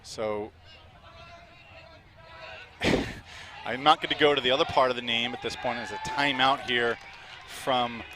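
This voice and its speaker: A man doing live play-by-play commentary, chatty and quick to laugh, with an outdoor crowd behind him. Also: mid-range voice, steady tone.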